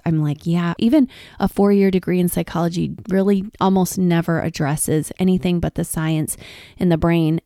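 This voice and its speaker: A woman's voice: lowish voice, dark tone, dry recording, studio quality. A woman in her thirties hosting a podcast on marriage, talking in a chatty, upbeat way with rambling asides. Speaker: podcast host and marriage coach. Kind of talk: casual solo podcast advice.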